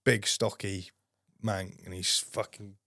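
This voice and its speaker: A man with a fairly low voice tells a story as a podcast guest, blunt and casual and swearing all the time. His voice is close and dry, with no room sound. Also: little pitch movement, slow pace, bright, forceful tone, no echo.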